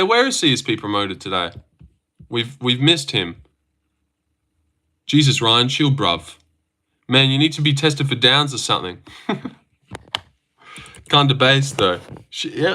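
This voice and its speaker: A man's voice: mid-range voice, sharp tone. A young man chatting casually on a stream, joking, teasing and swearing as he reacts.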